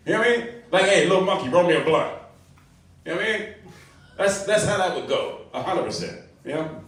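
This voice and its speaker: A man's voice: fairly high pitch, fairly bright tone. A man doing open-mic stand-up, loose and profane, with many rhetorical asides. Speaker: stand-up comedian. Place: comedy club stage. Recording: very echoey room, distant mic.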